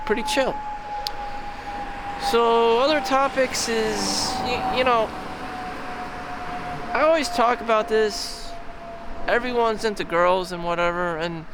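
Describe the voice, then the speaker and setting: A man's voice: high-pitched, background noise. Rambling young man. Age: young adult. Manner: rambling, frequent fillers and restarts, profane. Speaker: vlogger. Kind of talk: casual rambling monologue. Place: outdoors in a town.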